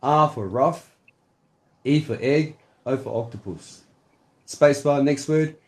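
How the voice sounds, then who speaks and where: A man from Polynesia with a mid-pitched voice who talks emphatically and lectures, pressing his points in a casual online chat. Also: unhurried. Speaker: chat partner.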